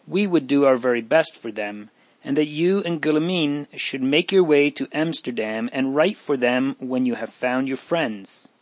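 A kindly minister who speaks softly and in measured phrases, voiced by a man reading aloud. The voice sits mid-range for a man. It is recorded dry and close. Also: medium pitch, no echo, close to an everyday voice. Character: kindly older male minister, gentle and sad.

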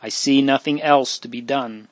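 A man reading aloud voices a caring young girl who pleads earnestly, lifting his pitch. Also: fairly even intonation, normal speed, no room sound, lightly acted. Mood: worried. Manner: raised pitch, emotional pleading.

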